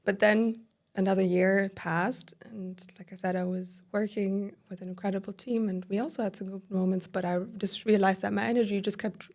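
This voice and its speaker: A woman speaks as a podcast guest at a mid-range pitch, recounting her own experience candidly. She talks loosely, leaning on fillers and voicing her own past thoughts as little quoted asides. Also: normal speed. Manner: animated retelling with quoted inner dialogue, filler-heavy. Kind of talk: candid conversational storytelling.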